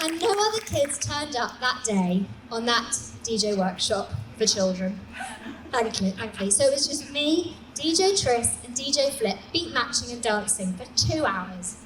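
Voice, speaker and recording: A woman in her forties telling comic personal stories on a small comedy stage, animated and self-mocking. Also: on the high side, normal speed, distant mic. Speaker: storyteller. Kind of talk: comic live storytelling. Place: small comedy venue, indoors. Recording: echoey live room with background noise.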